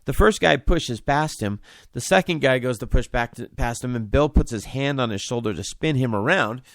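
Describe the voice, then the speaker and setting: A man's voice: medium pitch, animated, normal speed, dry recording, clean studio sound. A man in his forties, a podcast host, telling a personal story with many restarts and fillers.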